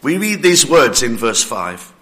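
A man preaching a sermon with slow, emphatic delivery, short of breath and coughing now and then, voicing his listeners' doubts. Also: mid-range voice, sing-song, a bit bright.

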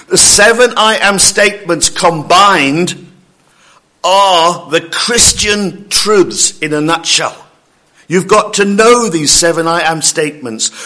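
A male preacher delivers a sermon with a bright, forceful tone and a slightly high voice. He talks very slowly and stresses his points, quoting scripture with mounting emphasis. Now and then he clears his throat.

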